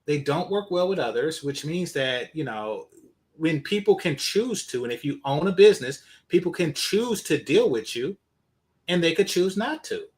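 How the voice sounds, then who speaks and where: Male reaction host, high lively voice, blunt and cursing. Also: moderate pace. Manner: blunt, profane and scornful. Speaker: commentary channel host. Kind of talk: reaction commentary.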